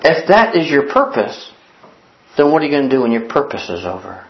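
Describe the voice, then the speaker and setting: A man's voice: medium pitch, big pitch swings, a little fast. A man preaching a sermon in an earnest, storytelling way, repeating key lines for emphasis. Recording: echoey, dull lo-fi sound.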